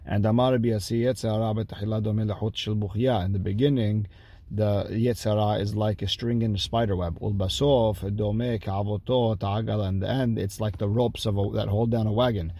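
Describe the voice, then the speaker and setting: Talmud teacher, male, deep-ish and gravelly, reads the text then translates it casually. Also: fairly even intonation, a little fast, dark tone. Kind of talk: daily Talmud page lesson.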